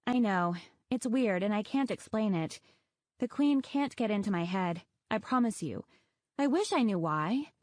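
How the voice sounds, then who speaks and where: A woman's voice: mid-range voice, animated, a little slow, darkish tone, no room sound, clean studio sound, close to an everyday voice. A woman voicing an earnest young female dragon who speaks in a pleading, reassuring way, in a storybook reading.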